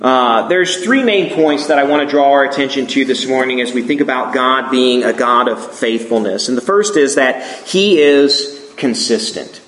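A man's voice: mid-range voice, moderate pace, hardly any pauses, fairly bright tone. A man preaching a sermon in a church, earnest and prone to restarting words as he retells scripture stories. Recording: echoey room.

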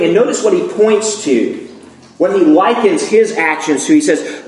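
A man's voice: high-pitched, animated, a little slow, a little mellow. A man preaching a sermon in a church, earnest and prone to restarting words as he retells scripture stories. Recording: echoey room.

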